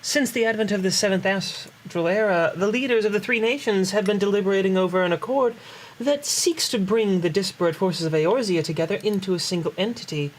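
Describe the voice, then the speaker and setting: A man's voice: high-pitched, fairly quick, few pauses, slight background noise, close to an everyday voice, poor audio. A man reading game dialogue aloud as an earnest, formal young male statesman, in a mock-solemn way.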